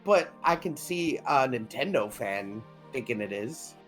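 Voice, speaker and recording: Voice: medium pitch, animated, a little slow, fairly bright tone, soft background music. A podcast co-host in casual chat, laid-back, chiming in with jokes and the odd swear.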